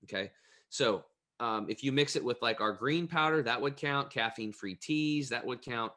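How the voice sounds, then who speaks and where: Bright-voiced energetic man telling stories. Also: medium pitch, moderate pace. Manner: energetic, emphatic storyteller; folksy, plain-spoken. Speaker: guest. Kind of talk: casual interview storytelling.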